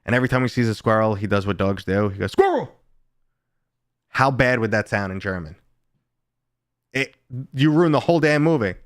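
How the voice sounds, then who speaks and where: With a lowish, clean-toned voice and a fairly quick pace, a US man in his thirties reads chat and swaps loose stories on a live stream, occasionally swearing. It's a dry, studio-quality recording.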